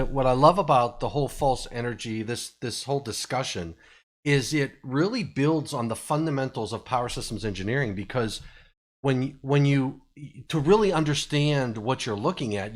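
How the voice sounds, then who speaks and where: A man's voice: medium pitch, a little fast. A male co-host talking casually and thoughtfully, restarting his sentences. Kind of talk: casual conversation.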